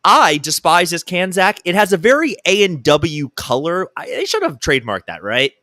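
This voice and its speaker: A man's voice: fairly high pitch, wildly swooping pitch, normal speed, sharp tone, dry recording, studio quality. A man hosting a casual comedy podcast, bantering with his co-host and hyping the show with announcer-style intros.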